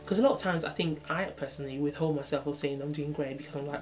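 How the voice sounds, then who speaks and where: A woman's voice: low voice, fairly even intonation, quick pace, soft background music. Chatty young woman vlogging to camera. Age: 20s. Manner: chatty, reflective, lots of "you know what I mean"; acts out little dialogues in changed voices. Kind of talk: casual talk to camera.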